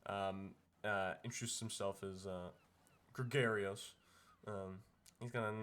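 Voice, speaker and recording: Lower-pitched man narrating a tabletop game. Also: steady tone, a little slow, a bit bright. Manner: loose, rambling narration with many fillers. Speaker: game master.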